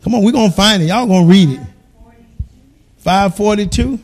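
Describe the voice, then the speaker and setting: A man preaching a sermon as pastor, calling out to the congregation and swinging between quiet storytelling and shouting. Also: high-pitched, normal speed.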